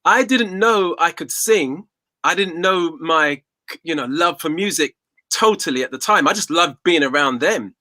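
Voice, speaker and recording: A man in his forties with a bright, forceful tone sits as a guest singer in a casual interview. He tells his story in a reflective, unhurried way, repeating words as he gathers his thoughts, and his voice sounds close and dry. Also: fairly high pitch, lively intonation, no echo. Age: 40s.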